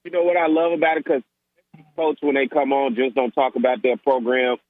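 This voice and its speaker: A man's voice: medium pitch, flat delivery, brisk, no room sound. An upbeat male host of a sports talk show chats with his guest and laughs easily. His voice comes through a narrow, tinny, phone-like channel. The sound is dry. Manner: upbeat, laughs often, says man and Coach a lot.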